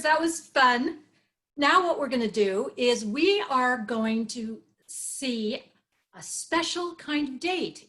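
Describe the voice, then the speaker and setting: A woman's voice: high voice, a bit bright. A woman hosting an improv show, collecting audience suggestions and setting up scenes. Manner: upbeat, taking audience suggestions. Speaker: improv host.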